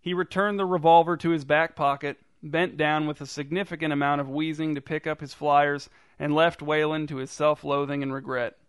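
A man reading a story aloud in a dry, deadpan narrating manner. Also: fairly high pitch, normal speed, few pauses, clean tone, no room sound. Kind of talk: scripted narration.

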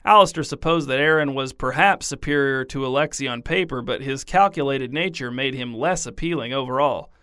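Bright, crisp male storyteller. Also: mid-range voice, fairly quick, hardly any pauses, no room sound, studio quality. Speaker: narrator. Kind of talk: scripted storytelling.

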